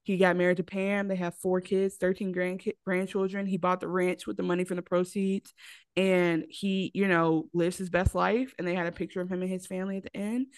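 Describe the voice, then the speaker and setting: A woman's voice: lowish voice, brisk, smooth, no echo. A woman co-hosting a podcast in casual chat, telling movie plots with lots of acted quotes. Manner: animated storytelling with acted quotes. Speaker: podcast co-host.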